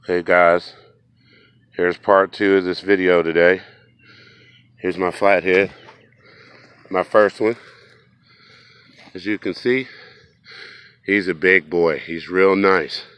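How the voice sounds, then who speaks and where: Folksy man, smooth low voice. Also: fairly even intonation, slow pace, long pauses, a bit bright, dry recording. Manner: folksy, talks straight to viewers. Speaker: fishing vlogger. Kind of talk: casual outdoor vlog. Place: outdoors by a riverbank.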